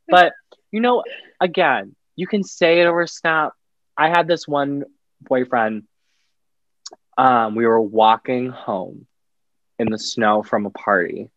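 A young man co-hosting a podcast in casual chat, expressive and dramatic as he tells stories. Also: no room sound. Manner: expressive, dramatic storytelling, quick swings into high voices. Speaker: podcast co-host. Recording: dull lo-fi dry sound.

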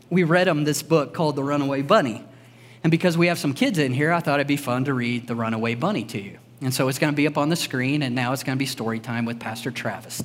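Pastor, male, high animated delivery, earnest and personal, church sermon. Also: long reverb tail. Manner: earnest, personal storytelling with emphatic repetition. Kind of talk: conversational sermon. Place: church service before a congregation.

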